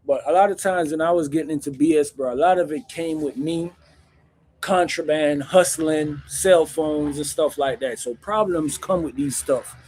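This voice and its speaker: Husky man telling prison stories. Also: fairly high pitch, normal speed. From Jamaica. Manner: blunt street talk, calls the viewer bro, loud bursts when acting out stories. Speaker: host answering viewer questions. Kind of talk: casual live Q&A chat.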